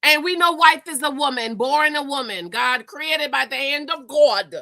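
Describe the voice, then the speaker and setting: A woman hosting a reality TV recap, talking in a sassy, animated way and calling out the people she reviews. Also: high-pitched, normal speed, dry recording. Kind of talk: casual commentary.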